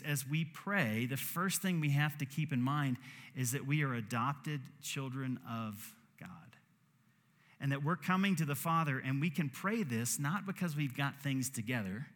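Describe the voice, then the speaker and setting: A man's voice: fairly high pitch, fairly bright tone, big-room sound. A man preaching a sermon as pastor, earnest, acting out short prayers in quoted voices.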